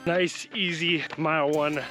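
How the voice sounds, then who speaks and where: A fitness vlogger runs along a hilly outdoor road while vlogging casually, sounding upbeat, motivational and out of breath. His fairly high voice stays steady and unhurried over music.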